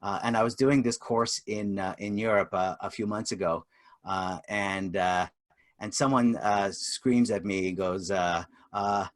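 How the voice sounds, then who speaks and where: Brief: middle-aged male communications trainer, relaxed and conversational, full of fillers. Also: lowish voice, a little slow. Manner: chatty, many fillers, acts out example dialogue. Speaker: webinar presenter and communications trainer. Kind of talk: interactive webinar teaching.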